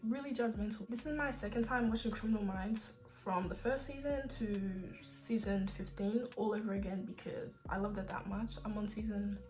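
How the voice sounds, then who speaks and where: A woman's voice: medium pitch, fairly even intonation, moderate pace, few pauses, a little mellow, soft background music. Sassy young woman ranting casually. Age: young adult. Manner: sassy, opinionated, lots of "like" and "you know". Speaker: vlogger.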